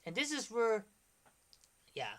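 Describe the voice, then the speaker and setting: Young male streamer, 20s, bright rambling excitable delivery, casual commentary. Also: very high voice, takes it slowly.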